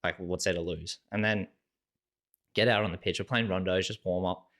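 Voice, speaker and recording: This relaxed podcast guest is a young Australian man whose voice is deep and whose pace is moderate. He chats casually through his stories, animatedly performing quoted dialogue and leaning heavily on "like" in almost every sentence.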